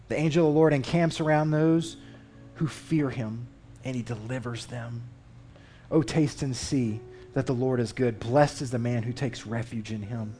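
A man's voice: medium pitch, normal speed, soft background music. Man preaching a casual sermon. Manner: conversational, emphatic, animated Scripture reading. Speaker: lay preacher. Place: church.

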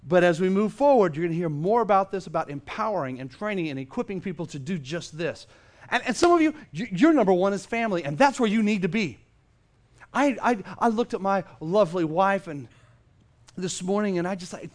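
In a church sanctuary, a middle-aged pastor with a fairly high voice delivers a sermon to his congregation. Expressive and brisk, he speaks emphatically, swinging between quiet and loud, and often restarts sentences as he drives his point home.

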